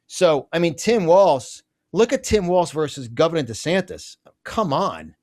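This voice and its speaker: A middle-aged man with a slightly higher voice talks as an interview guest. His delivery is fiery and emphatic. He rushes through asides and often restarts his sentences. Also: very animated, darkish tone. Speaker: guest, conservative business publisher. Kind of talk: fiery political interview talk.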